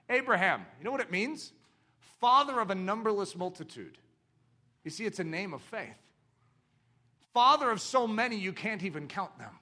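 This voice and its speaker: A man's voice: high voice, moderate pace, pauses often. A man preaching a sermon, asking the congregation rhetorical questions and acting out the voices in the story. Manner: animated, acts out quoted voices, rhetorical questions.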